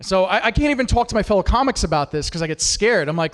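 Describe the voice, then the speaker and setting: A man's voice: sits high, animated, fast talker, in a large hall. A man doing a stand-up set at an open mic, crude and self-deprecating as he teases the audience. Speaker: stand-up comic. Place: small performance studio with a live audience.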